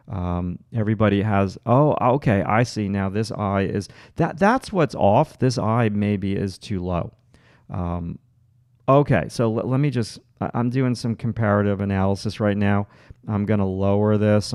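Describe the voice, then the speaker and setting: A man's voice: fairly low pitch, darkish tone, smooth, no room sound. A man with a Long Island accent, teaching a livestream drawing demonstration and thinking aloud as he works, with lots of fillers and restarts. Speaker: art instructor.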